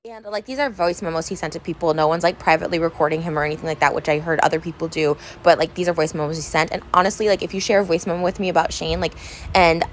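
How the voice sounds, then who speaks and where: A woman's voice: low voice, fairly even intonation, fast, a little hiss or hum. A young adult woman vlogging unscripted to her viewers, upset and venting in a rambling way, full of "like". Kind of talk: unscripted vlog rant to camera.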